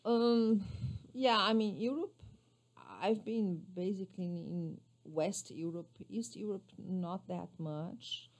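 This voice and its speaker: A woman's voice: mid-range voice, slow, darkish tone. A woman guest on a radio talk show, describing her work with hesitant, word-searching speech. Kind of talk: casual interview chat.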